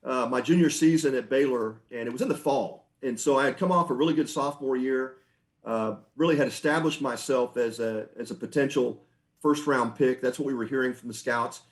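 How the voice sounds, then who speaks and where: A middle-aged man, a former baseball pitcher, telling stories on a podcast in a relaxed, chatty way. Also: fairly quick. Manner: relaxed, anecdotal, frequent restarts and laughs. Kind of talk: conversational storytelling.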